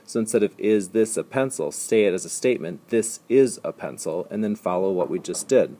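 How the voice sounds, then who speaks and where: Patient, husky-voiced man teaching slowly. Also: lowish voice, expressive, mellow. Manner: patient, explains step by step, repeats example sentences slowly. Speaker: language teacher. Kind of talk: recorded slide lecture.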